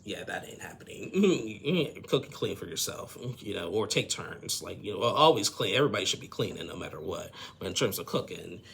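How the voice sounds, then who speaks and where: A man's voice: deep voice, very animated, moderate pace, creaky, few pauses, fairly bright tone, breathy edge. A man casually recapping a reality TV episode, rambling, repeating words and adding judgmental asides.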